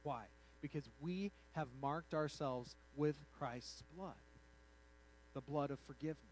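A man preaching a sermon in an animated, conversational way, acting out the quotes in his story. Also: a little high, unhurried, a little hiss or hum, poor audio. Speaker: pastor.

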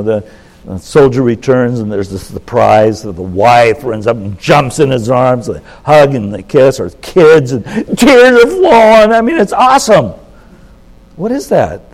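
Older male pastor in his seventies, mid-pitched, folksy sermon delivery with bursts of animated emphasis. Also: poor audio. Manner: folksy, self-interrupting. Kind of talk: conversational sermon.

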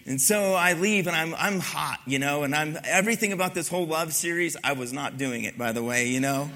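A middle-aged male pastor preaching a sermon, telling a story with lively raised quoted lines before reading scripture. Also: on the high side, a little fast.

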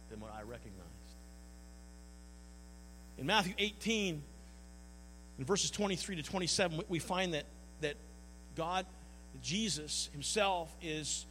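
A man's voice: fairly high pitch, animated, normal speed, pauses often, a bit bright. A man preaching a sermon as pastor, earnest and folksy, often stumbling and repeating words. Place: church hall. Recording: long hall reverb, mains hum.

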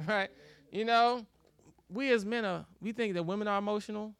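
A man preaching a sermon in a relaxed, conversational way, laughing often and acting out little quoted exchanges. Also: high voice, normal speed, creaky, clean tone, no echo. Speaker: pastor.

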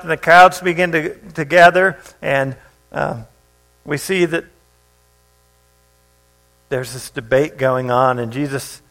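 High-voiced man preaching a sermon. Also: fairly bright tone, poor audio. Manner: reads scripture aloud, then preaches conversationally with fillers and restarts. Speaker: pastor.

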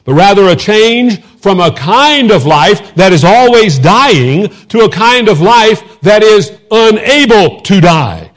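A man with a Texas accent preaching a sermon, reading scripture slowly and adding relaxed, joking asides. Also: sits high. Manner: conversational, asides and self-deprecating humor; reads scripture slowly and deliberately.

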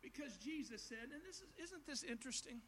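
A man preaching a sermon to his congregation in a folksy way, addressing them directly and swinging from quiet asides to shouted climaxes. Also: very high voice, expressive, brisk.

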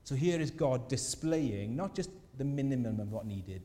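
A man preaching a sermon, telling a scripture story with lively voices for the people in it. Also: medium pitch, normal speed. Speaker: pastor. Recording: long hall reverb.

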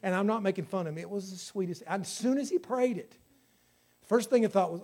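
A middle-aged pastor delivers a sermon in a fairly high voice for a man. He moves between loud, fervent exhortation and low, hushed storytelling. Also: a little fast. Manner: preaching with swings from shouting to hushed storytelling.

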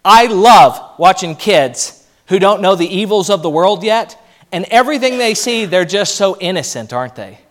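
A man preaching a sermon as pastor, animated and lively, acting out the voices of people he quotes. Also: high voice, moderate pace.

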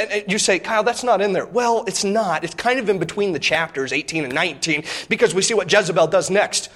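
A man with a strikingly high voice delivers a sermon. He tells the Bible story in an animated, storytelling way and acts out the characters' lines. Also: brisk, hardly any pauses. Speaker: preacher.

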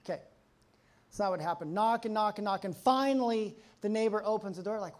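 A man's voice: sits high, a little fast. A man preaching from the pulpit, talking to the congregation as if chatting with friends. He tells anecdotes with energy and acts out the lines of the people in them. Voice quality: conversational, animated storyteller acting out quotes. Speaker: pastor. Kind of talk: sermon.

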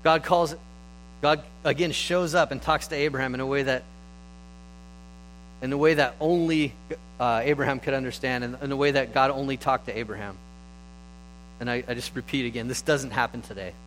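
A man delivers a sermon in an easygoing, conversational voice of ordinary pitch and normal speed, pausing often. He tells stories casually and grows animated now and then, while a faint electrical hum and poor audio quality sit behind him.

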